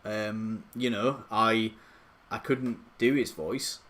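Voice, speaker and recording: A man's voice: fairly low pitch, steady tone, slow, fairly bright tone. A man live streaming late at night from his home computer, rambling and self-deprecating, with lots of hesitant restarts. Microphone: desktop USB microphone.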